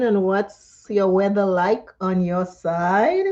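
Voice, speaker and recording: A woman hosts a live makeup tutorial, chatting slowly and unhurriedly between steps. Her voice is mellow and soft-edged, and she laughs easily as she tells stories. The sound is a little dull and muffled. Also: medium pitch. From Dominica. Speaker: makeup vlogger.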